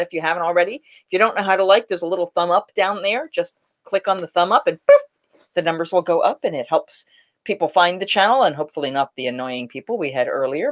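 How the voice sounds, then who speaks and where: A woman hosting a casual live chat from home. Her voice sits on the low side, but it swings widely as she tells animated stories and acts out what people said. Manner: animated, laughing storyteller who acts out quotes. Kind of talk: casual live-stream storytelling.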